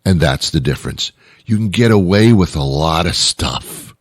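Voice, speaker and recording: A man with a low, deep voice rambles through a self-deprecating comic monologue. He stumbles and restarts often. The sound is dry and close with no room echo. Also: lively intonation, normal speed. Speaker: host. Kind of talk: comedic monologue.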